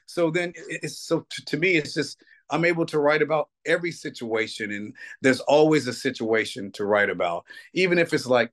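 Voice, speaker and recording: A middle-aged man, a band's singer, talking casually in an interview and telling heartfelt stories that move him close to tears. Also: medium pitch. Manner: emotional storytelling, tearful at times, repeats "you know what I mean". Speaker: guest, metal band singer.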